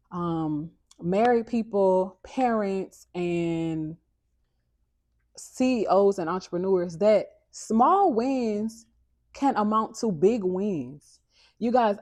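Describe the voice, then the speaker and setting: A woman's voice: mid-range voice, no room sound. A young woman, hosting a casual livestream in a chatty, upbeat, motivational way, often checking in with her viewers. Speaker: livestream host and dog breeder. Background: soft background music.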